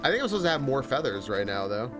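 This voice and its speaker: A man's voice: medium pitch, very animated, fast talker. Chatty young man streaming a game. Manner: casual, musing, full of fillers. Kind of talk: live gameplay commentary. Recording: game music underneath.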